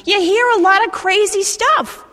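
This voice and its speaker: A woman's voice: extremely high pitch, unhurried, bright, forceful tone, in a large hall. A woman in her thirties with a New Jersey accent, speaking bluntly and animatedly at a recovery meeting, swearing and restarting her sentences. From New Jersey, USA. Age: 30s.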